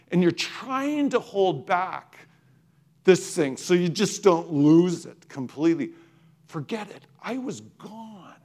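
Guy telling his testimony, slow and emotional, keeps restarting, pitch jumps all over. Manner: emotional, halting, many restarts and fillers. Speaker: speaker sharing a testimony. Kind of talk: personal testimony.

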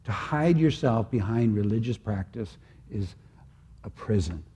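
An older man preaching a sermon in an earnest, halting way, often restarting his phrases. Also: on the low side, lively intonation, mellow, a little hiss or hum.

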